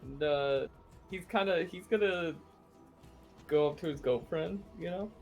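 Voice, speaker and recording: A man's voice: on the high side, a little slow, gravelly, a little mellow, soft background music. A man playing a tabletop game, describing his character's actions in rambling, filler-heavy talk. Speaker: player. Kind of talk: casual tabletop play.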